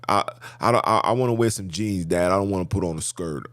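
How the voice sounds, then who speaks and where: A man's voice: low voice, fast, a bit bright, no room sound, clean studio sound, voice pushed down. A man voicing a teenage daughter who talks like a boy, slangy and pleading. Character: teen girl talking like a boy.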